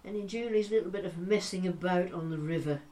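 An older woman presenting a talking newspaper, chatting to listeners in a fond, gently humorous way. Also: on the low side, fairly quick. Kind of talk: casual chat to listeners.

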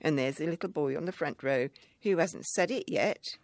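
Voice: medium pitch, moderate pace, creaky, no echo, lightly acted. A cheery male pantomime servant coaxes and jokes, as a storyteller puts him on. The lines come playful and a touch sing-song. The recording is close and dry, with no room sound. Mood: mock-sad.

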